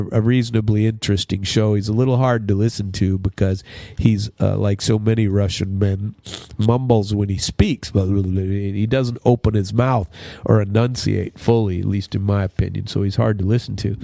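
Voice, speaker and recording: A man's voice: fairly low pitch, steady tone, moderate pace, creaky, mellow, dry recording. A man hosting his own radio show, rambling through news commentary with many fillers and restarts. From Minnesota. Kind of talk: casual news commentary monologue.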